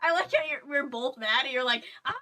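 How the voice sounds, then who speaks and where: Animated woman in mock outrage. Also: high voice, brisk. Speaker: host. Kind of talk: comedic reading and chat.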